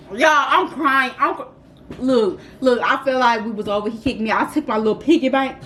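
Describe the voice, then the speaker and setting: A woman's voice: on the high side, a little fast, background noise. A woman in her twenties telling a storytime vlog story in a casual, laughing, dramatic way. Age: 20s. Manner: animated, laughing, self-described dramatic. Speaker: vlogger.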